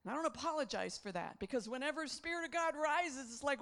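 A middle-aged woman delivers a charismatic sermon in a fairly high voice. She preaches with passion, repeating her phrases and climbing toward shouts. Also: lively intonation, quick pace.

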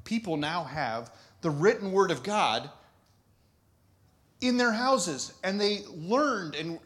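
A man's voice: sits high, animated, slow, a bit bright. A man preaching a conversational sermon, laughing often and restarting thoughts as he goes. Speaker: pastor.

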